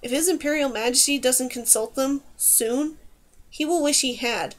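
Storybook warrior woman, stern and blunt, read by a woman narrator; dry, higher voice. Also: normal speed, natural voice.

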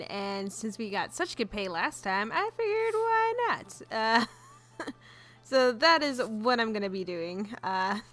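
A gaming YouTuber, this young woman cheerfully rambles through casual let's-play commentary on a farming game, giggling and getting flustered easily. Her bright, fairly high voice swings widely in pitch over soft background music.

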